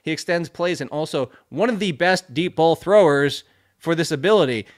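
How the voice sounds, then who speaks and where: A man talking sports on a podcast in a fired-up rant. His voice sits a bit high. He trips over his words and laughs at himself as he gets worked up. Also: expressive, moderate pace. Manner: fired-up ranting, tongue-tied, laughing at himself. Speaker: fantasy football analyst. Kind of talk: casual podcast chat.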